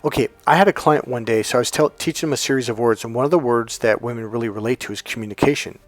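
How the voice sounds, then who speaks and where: A man with a mid-range voice talks fast on a dry recording with no echo. He's a dating coach delivering a casual monologue, telling stories about his clients bluntly, swearing freely and acting out their quotes.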